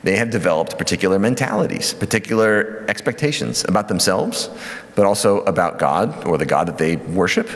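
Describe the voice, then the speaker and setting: A man giving a church lecture on scripture, lively and conversational with many fillers and asides. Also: deep voice, a little fast. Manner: lively teaching with fillers and acted quotes. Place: church hall. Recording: hall reverb.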